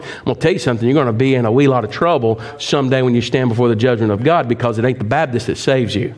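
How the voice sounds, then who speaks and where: A man's voice: medium pitch, fast, few pauses, a little mellow. Man preaching, reading scripture with asides. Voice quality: clears throat often. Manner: reads scripture aloud with emphatic asides. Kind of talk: sermon.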